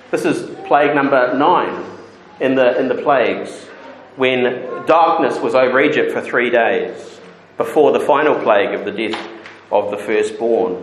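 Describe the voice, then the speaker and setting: A man preaching an expository sermon who rises into loud, high pleading when he quotes God. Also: slight background noise. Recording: echoey room with faint ambience.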